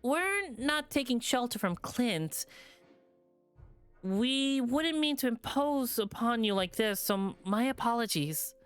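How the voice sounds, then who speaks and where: A streamer voicing a calm, plain-spoken young woman in a visual novel, speaking in a flat, even tone. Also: mid-range voice, slow pace, smooth, soft background music, voice pushed up. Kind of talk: visual novel read-aloud.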